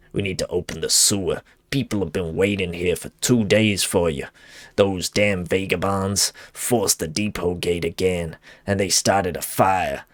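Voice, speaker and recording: A man voicing a gruff, irritable man who grumbles through a letter he wrote. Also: dry recording. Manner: low, grumbling read-out.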